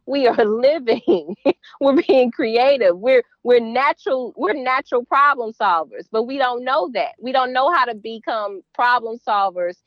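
A woman's voice: fairly high pitch, animated, measured pace, no room sound, dull audio. Earnest Southern woman, middle-aged. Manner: earnest, emphatic, warm laughs. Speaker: guest. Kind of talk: casual interview.

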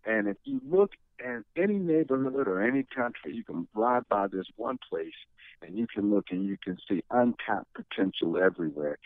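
A middle-aged man answers interview questions in an animated, motivational way, restarting his phrases as he goes. His voice comes through a thin, tinny phone line. The sound is dry. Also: medium pitch, dry recording. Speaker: guest. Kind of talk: conversational interview.

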